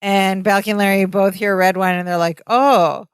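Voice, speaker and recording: A woman's voice: medium pitch, moderate pace, smooth, no room sound, studio quality. A woman co-hosting a podcast, recapping a sitcom episode in casual chat and acting out the characters' lines as she goes. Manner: animated retelling, acting out lines. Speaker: podcast co-host.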